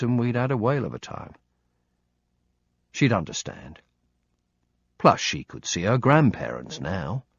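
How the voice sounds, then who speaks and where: A man reads a first-person audiobook in a plain, blunt, conversational way. His voice sits fairly low yet moves a lot in pitch. The recording is dry and a bit dull, with little room sound. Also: breathy edge, no echo. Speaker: audiobook narrator.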